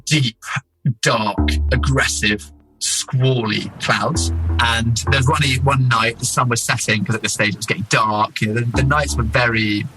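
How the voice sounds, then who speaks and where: A man from England, an explorer guest, telling a story in a casual, lively way. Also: medium pitch, normal speed, low-quality recording. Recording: music bed under voice.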